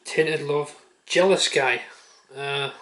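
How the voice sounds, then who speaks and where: A man's voice: on the high side, fairly even intonation, slow, a bit bright. A man vlogging at home, chatting offhand with a handheld camera, muttering and swearing casually. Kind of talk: casual chat.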